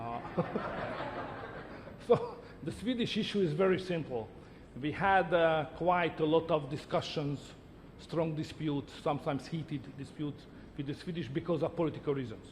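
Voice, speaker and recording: Answering an interview in short, emphatic statements full of repeated words, a middle-aged Hungarian-native head of government speaks at a moderate pace. His voice is a little high, with big-room sound and a little hiss or hum.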